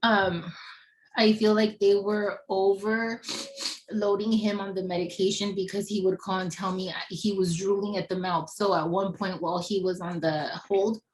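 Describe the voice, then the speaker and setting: A woman in her thirties giving an emotional personal testimony, halting with pauses and fillers and often clearing her throat. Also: mid-range voice, little pitch movement, rough recording. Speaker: family member speaking on a webinar panel.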